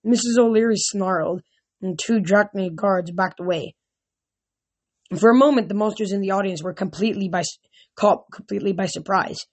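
A woman's voice: medium pitch, moderate pace. Woman reading a story aloud, stumbling. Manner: reads aloud with frequent slips and restarts; raises voice for shouted lines. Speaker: reader. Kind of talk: amateur audiobook reading.

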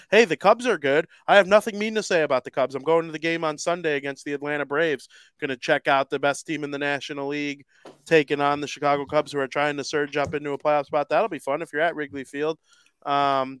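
A man hosting a casual sports podcast, joking and excitable as he talks. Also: fairly high pitch, fast talker, smooth, no echo. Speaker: podcast host.

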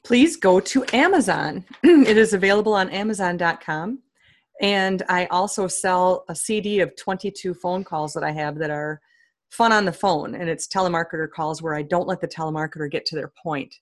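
A woman being interviewed as an author, telling funny stories in a lively way and acting out the voices of the people she quotes. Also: fairly low pitch, moderate pace. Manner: animated, acts out quoted voices, laughs often. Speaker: author and guest. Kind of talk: comic storytelling in an interview.

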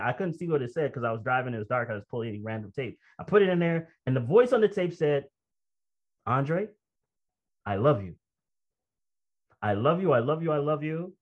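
Preacher with a slightly high voice, lo-fi recording. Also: male voice. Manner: reads quoted text slowly, then comments conversationally and emphatically, often laughing. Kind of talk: sermon with read-aloud quotations and personal stories. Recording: dull lo-fi recording.

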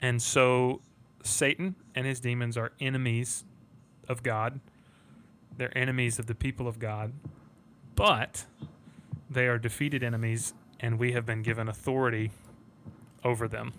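A man with a mid-range voice, co-hosting a casual faith conversation. He speaks earnestly and slows down when he reads scripture. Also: mid-range voice, level tone, fairly bright tone, slight background noise. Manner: earnest, reads Bible verses slowly.

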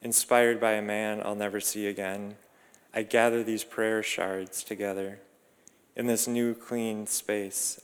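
A man narrates a reflective first-person story with calm, measured delivery. His voice is low and smooth, with little rise and fall, and it rings out with a long reverb.

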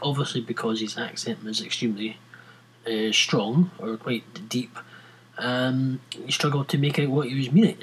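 A man's voice: medium pitch, a bit bright, slightly rough, low-quality recording. A Scottish man talking casually to viewers, ranting at length with many restarts and fillers. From Scotland.

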